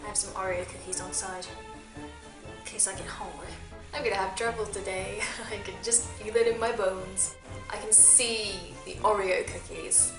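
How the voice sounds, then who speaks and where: A woman gaming vlogger talking casually to her viewers, chatty and quick to poke fun at herself. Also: medium pitch, reverberant. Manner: chatty and self-mocking. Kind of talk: casual video commentary.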